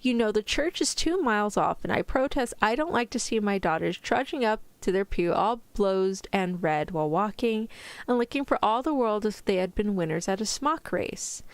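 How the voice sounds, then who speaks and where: A woman voicing a fussy, scheming middle-aged country wife in a put-on British accent, coaxing and insistent, during a soft-spoken ASMR reading. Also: mid-range voice, lively intonation, normal speed, no echo, close to an everyday voice.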